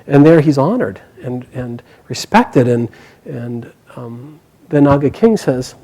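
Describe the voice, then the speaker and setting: A man telling an old epic in a relaxed, conversational way. His voice swings between quick, raised bursts of excitement and low, hushed asides when he quotes the characters. He often restarts phrases as he builds the tale. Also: low-quality recording. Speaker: storyteller. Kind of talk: casual oral storytelling.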